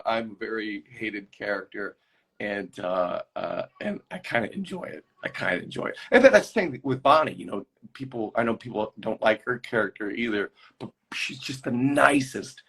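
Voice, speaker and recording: Casting: husky male actor, mid-pitched, casual and rambly on a phone call. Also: a bit bright. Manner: rambling storyteller, many restarts and asides. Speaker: actor, guest. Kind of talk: casual chat on a live video call.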